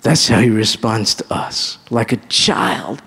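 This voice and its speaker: A man preaching a live sermon to a congregation, emphatic, asking them direct questions and breaking into sudden high exclamations. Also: unhurried, vocal fry, bright, forceful tone, husky. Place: church hall with a congregation. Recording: reverberant hall sound.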